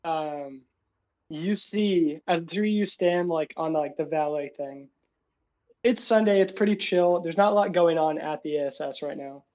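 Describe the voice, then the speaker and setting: A man's voice: fairly high pitch, moderate pace, a little mellow, dull audio. A man narrating a tabletop game as game master, rambling casually with many fillers.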